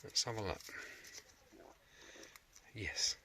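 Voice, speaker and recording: A man's voice: drawn-out words, background noise. A man talking through a restoration job in his workshop, chatty and jokey, muttering to himself and swearing mildly. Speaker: restoration video maker.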